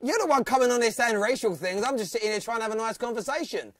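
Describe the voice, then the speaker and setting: A man's voice: extremely high pitch, expressive, quick pace, a crowd in the background. Teasing man hosting a phone-in. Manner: chatty, laughs often, teasing callers. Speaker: phone-in host. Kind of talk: live fan phone-in show.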